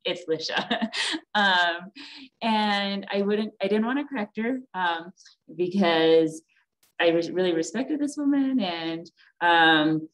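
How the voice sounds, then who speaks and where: A woman's voice: on the low side, rough recording. A woman, an instructional designer, telling a candid personal story in a webinar with many ums.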